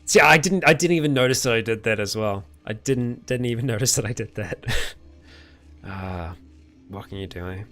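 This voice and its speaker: A British man hosting a casual live-stream Q&A, chuckling often as he answers chat questions in a relaxed, rambling way. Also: fairly low pitch, moderate pace.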